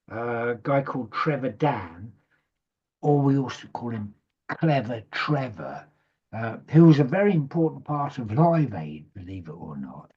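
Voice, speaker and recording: Slow, husky-voiced man, sweary storyteller. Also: mid-range voice, a little mellow. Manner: swears freely, rambling anecdotes. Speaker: radio DJ and interview guest. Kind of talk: casual storytelling interview. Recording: muffled lo-fi sound.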